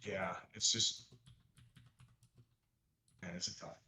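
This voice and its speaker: Hesitant male co-host, bright tone, distant echoey room sound. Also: sits low, little pitch movement, slight background noise. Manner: hesitant, halting, many fillers. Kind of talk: casual chat on a live stream.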